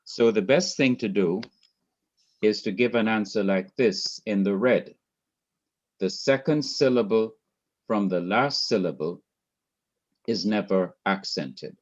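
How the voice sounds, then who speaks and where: A man's voice: on the low side, slow, pauses often, muffled recording. A man from Jamaica teaching a Hebrew class online, explaining patiently and repeating his points.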